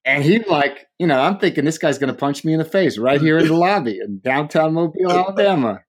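A man's voice: on the high side, fast. A man telling a funny story in casual talk, acting out the people he quotes and laughing as he goes. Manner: animated, acts out quoted people, laughs often.

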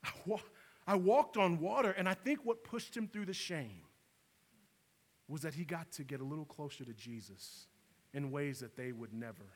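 A man's voice: mid-range voice, animated, moderate pace, big-room sound. A man preaching a sermon in a casual, storytelling way, with conversational asides to the congregation. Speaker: pastor.

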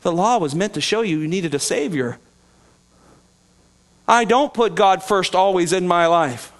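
A man preaching a sermon to his congregation, animated, acting out voices and chuckling now and then. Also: high-pitched, measured pace. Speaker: pastor. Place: church sanctuary.

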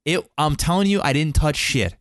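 A slightly high-pitched man spins a rambling story in casual podcast chat. He swears freely, and his voice leaps up whenever the story excites him. The sound is dry and close. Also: moderate pace, dry recording. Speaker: podcast co-host.

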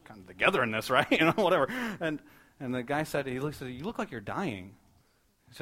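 A male pastor preaching a sermon, telling a story fast and building to emphatic repeated lines. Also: medium pitch, animated, bright, forceful tone.

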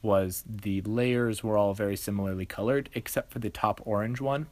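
A woman's voice: a bass voice, fairly even intonation, moderate pace, a little mellow, no room sound. A woman co-hosting a podcast, talking casually and explaining her points at length. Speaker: podcast co-host. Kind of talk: casual chat.

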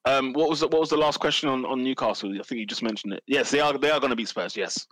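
A man in casual podcast chat, emphatic and jokey, ranting with animated opinions. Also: mid-range voice, quick pace, no room sound, rough recording. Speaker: podcast pundit.

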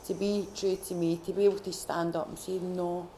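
A woman's voice: on the low side, little pitch movement, warm tone, slight background noise. Scottish woman giving a heartfelt testimony. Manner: heartfelt, halting, with many restarts. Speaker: retreat participant sharing testimony. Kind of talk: personal faith testimony. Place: retreat gathering room.

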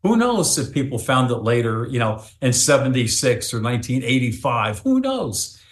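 A man's voice: medium pitch, sing-song, normal speed. Guy rambling thru a story on a podcast, lots of uhs, echoey room. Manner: rambling, chatty storyteller with many fillers. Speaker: psychic medium guest.

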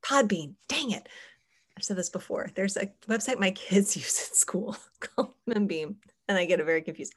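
A woman's voice: medium pitch, animated, moderate pace, husky. A middle-aged woman hosting a podcast, chatting casually with frequent fillers and laughs. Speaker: podcast host.

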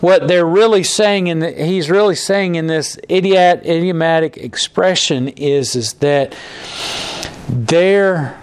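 Casting: a male preacher, slightly high voice, conversational sermon, halting restarts, dramatizes quotes. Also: clear, resonant tone. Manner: conversational, repeats and restarts words, acts out quoted lines.

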